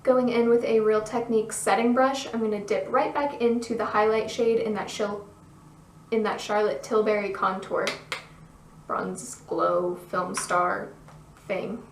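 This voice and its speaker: A young woman talking through a makeup tutorial in a chatty, bubbly way, her voice a little hoarse. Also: medium pitch, fairly even intonation, a little slow, reverberant, distant mic, slight background noise, low-quality recording. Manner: chatty, bubbly, self-deprecating asides. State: losing her voice, slightly hoarse. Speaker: beauty vlogger.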